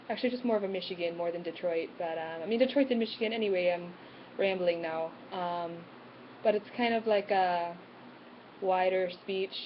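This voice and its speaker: A woman talks loosely to her camera, drifting from point to point with plenty of "um" and "like" between her thoughts. Her voice sits at an ordinary middle pitch. The sound is a bit dull and muffled, with a faint hiss underneath. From Canada. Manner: rambling, lots of "um" and "like". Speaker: vlogger. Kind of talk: casual talk to camera.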